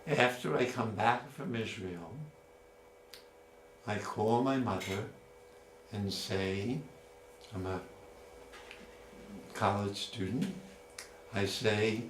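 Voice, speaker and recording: A man telling a personal story in a slow, deliberate way, speaking directly to his mother. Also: fairly low pitch, noisy background. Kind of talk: autobiographical storytelling performance. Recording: roomy with faint ambience.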